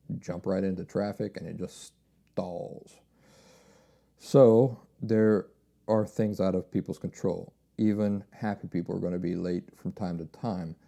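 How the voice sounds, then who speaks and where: A man's voice: low voice, gravelly, dark tone. A man hosting a solo podcast in a casual, rambling way, often repeating phrases and restarting sentences. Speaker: podcast host.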